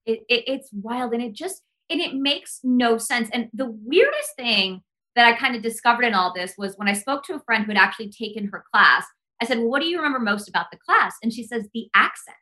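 A woman's voice: a little high, a little fast. A woman from Texas, a guest on a podcast, chatting casually and telling stories with acted-out dialogue. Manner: animated storyteller, acts out dialogue. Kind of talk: casual chat.

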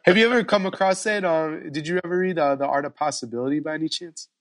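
A man hosting a podcast interview, telling stories in a chatty, animated way. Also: on the high side, fast. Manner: animated storyteller, frequent fillers. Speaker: podcast host. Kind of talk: casual interview chat.

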